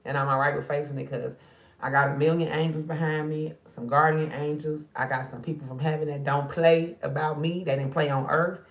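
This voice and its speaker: A woman's voice: low voice, steady tone, a little fast, roomy sound, recorded from a distance, lo-fi sound. A tired woman talking at night to her viewers in a casual, emotional vlog. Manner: tired, emotional, talks straight to viewers as sisters. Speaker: spiritual card reader and channel host.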